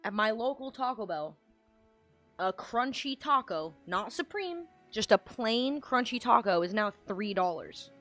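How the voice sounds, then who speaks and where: A woman's voice: fairly high pitch, animated, measured pace, fairly bright tone, soft background music. A woman streamer in casual livestream chat, ranting and rambling with lots of swearing.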